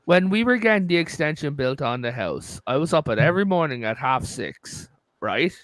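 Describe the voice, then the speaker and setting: A man hosting a casual podcast, spinning long stories and swearing now and then. His voice is smooth and clear, and it sits a little high. The sound is dry and close. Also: very animated, normal speed, fairly bright tone, dry recording. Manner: storytelling, swears, rambling. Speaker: podcast host. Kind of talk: casual chat.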